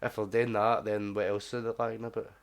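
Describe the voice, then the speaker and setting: Deep-voiced scottish rapper, blunt. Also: male voice, flat delivery, brisk, vocal fry. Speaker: guest rapper. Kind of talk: casual chat.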